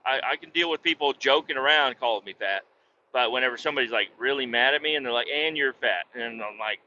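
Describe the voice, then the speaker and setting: A man co-hosting a podcast, telling a work story in a profane, animated, casual way. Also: fast, dull audio. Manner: profane, animated, puts on a sweet high voice for quoted niceness. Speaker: podcast co-host.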